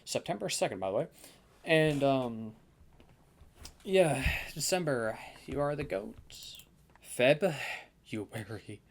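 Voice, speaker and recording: A man's voice: mid-range voice, expressive, slow, vocal fry, pauses often. A young man casually ranking the months of the year in a tier list, rambling and thinking aloud with lots of fillers. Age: young adult.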